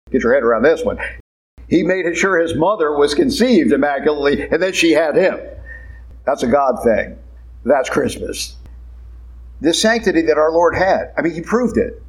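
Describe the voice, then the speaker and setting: A man, a priest, preaching a sermon in a church in an emphatic, conversational way, slowing down and speeding up. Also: a little high, poor audio.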